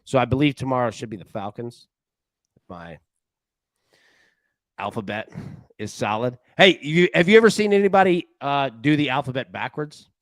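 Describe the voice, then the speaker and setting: A man hosting a sports betting show in casual chat, an animated, rambling storyteller who often restarts his sentences. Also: medium pitch, normal speed, pauses often, no room sound. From Tennessee.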